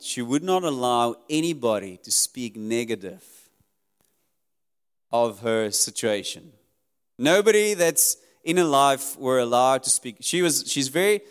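A man preaching a sermon in an earnest, emphatic way, his voice rising high and dropping low as he drives his points home. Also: clear, resonant tone. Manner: earnest, emphatic preaching that rises and drops sharply. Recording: long hall reverb.

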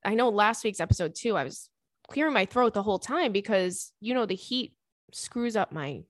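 A woman's voice: mid-range voice, expressive, moderate pace, dry recording, studio quality. Bubbly, congested young woman podcaster. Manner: bubbly, playful, slangy. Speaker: podcast host. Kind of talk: casual podcast chat.

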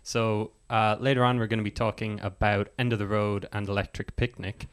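A man's voice: fairly low pitch, flat delivery, brisk. An Irish man hosting a casual podcast, self-deprecating and laughing easily. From Ireland. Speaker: podcast host.

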